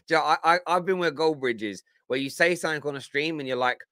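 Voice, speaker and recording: A man's voice: on the high side, a little fast, sharp tone, no room sound, clean studio sound. A man hosting a football reaction show, amused and laughing often as he comments on clips. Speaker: host.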